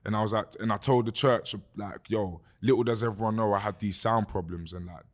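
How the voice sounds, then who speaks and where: A young man with a London accent tells his story in a loose, animated podcast chat. He swears freely and keeps dropping "bruv" as he goes. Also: on the low side, a little fast. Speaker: guest musician.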